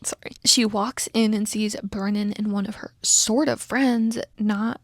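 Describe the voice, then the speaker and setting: A woman's voice: medium pitch, steady tone, a little slow, no echo. A young woman casually reading aloud her old fanfiction and reacting with sarcastic, giggly commentary, dropping into whispers and squealing at times.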